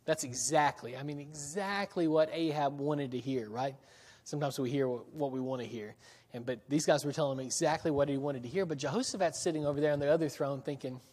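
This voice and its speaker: A man's voice: on the high side, darkish tone, slightly rough. Conversational preacher, man, in a reverberant hall. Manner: conversational, asks the audience questions, chuckles often; slows down and acts out the biblical characters' lines. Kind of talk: sermon with scripture reading.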